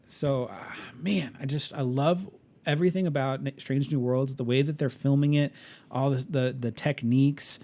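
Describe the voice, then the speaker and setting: A man co-hosts a relaxed podcast chat at a middling pitch. He sounds eager and laughs often. His talk is loose, full of fillers and restarts. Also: moderate pace. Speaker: podcast co-host. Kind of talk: casual chat.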